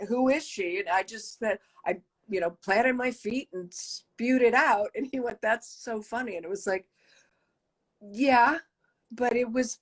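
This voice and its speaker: Husky-voiced woman puppeteer chatting. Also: a little high. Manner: animated, laughs often, acts out quoted voices. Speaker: puppeteer guest. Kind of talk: casual interview chat.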